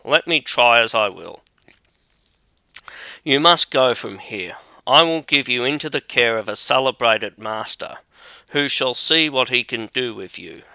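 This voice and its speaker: A man's voice: medium pitch, lively intonation, a little slow, creaky, sharp tone, clear, resonant tone, dry recording, exaggerated voice. A man reading aloud voices a harsh, aged count scolding his son. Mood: stern. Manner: scolding and stern.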